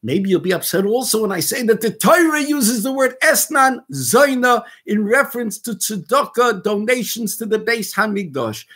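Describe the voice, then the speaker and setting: A man's voice: high-pitched, lively intonation, normal speed, few pauses, bright, forceful tone, slightly rough. A man, a rabbi giving blunt, fiery video commentary full of Yiddish and Hebrew terms. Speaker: rabbi and activist host.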